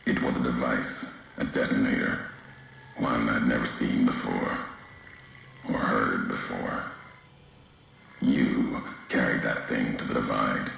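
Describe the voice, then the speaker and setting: An actor playing a grim, brooding male wanderer in a video game, speaking in slow, solemn fragments with a deep gravelly voice. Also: fairly even intonation, fairly bright tone, very echoey, slight background noise, heavily acted.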